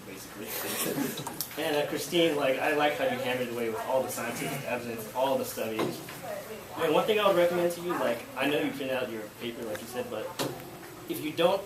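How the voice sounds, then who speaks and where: A male student giving casual peer feedback in a classroom, with many fillers like "like". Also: mid-range voice. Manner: casual, laughing, filler-heavy. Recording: echoey, distant, noisy classroom recording.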